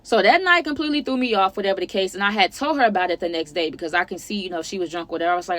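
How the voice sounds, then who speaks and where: Fast-talking sassy storyteller woman. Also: mid-range voice. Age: 20s. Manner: sassy, chatty, animated retelling. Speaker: storytime vlogger. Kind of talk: casual storytelling to viewers.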